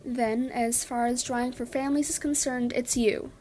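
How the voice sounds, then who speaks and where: A woman reading the part of a formal, steady man who runs a village ritual, giving measured directions. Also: fairly high pitch, close to an everyday voice.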